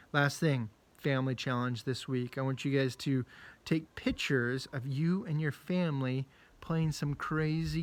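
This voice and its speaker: A man, a children's pastor, telling a Bible story in a lively, casual and joking way. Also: mid-range voice.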